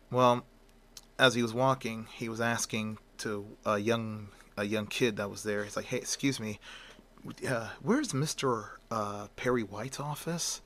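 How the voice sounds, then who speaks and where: A man's voice: lowish voice, pushed and bright. A man telling an improvised fan story, rambling with lots of fillers and restarts.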